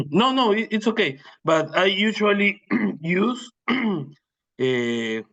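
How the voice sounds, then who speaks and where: A man, an English student on a video call, speaking hesitantly with fillers and throat-clearing. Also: sits high, expressive, takes it slowly, a bit bright. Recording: dull lo-fi call audio.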